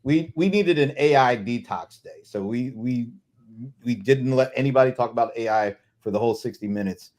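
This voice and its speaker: A man on a casual chat panel, talking in an animated, playful way. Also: medium pitch, normal speed. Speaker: guest panelist.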